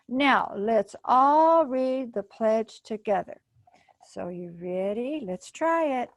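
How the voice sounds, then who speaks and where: A woman librarian reading a storybook to children, gently asking them questions as she goes. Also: fairly high pitch, animated, takes it slowly, no echo. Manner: gentle, asks children questions, soft gasps. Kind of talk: children's storytime read-aloud.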